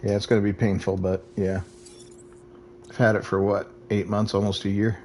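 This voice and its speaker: Laid-back low-voiced man streaming a game. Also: flat delivery, moderate pace, darkish tone, a little hiss or hum. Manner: laid-back, thinking aloud. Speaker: streamer host. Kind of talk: casual gaming livestream chat.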